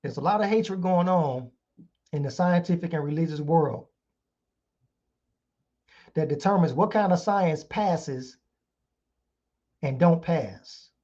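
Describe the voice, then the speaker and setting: Long pauses break up the slow delivery of this online show host, whose high-leaning voice is a little mellow. He reads from articles in a heated, informal lecture, asking rhetorical questions repeatedly over a dull, lo-fi recording.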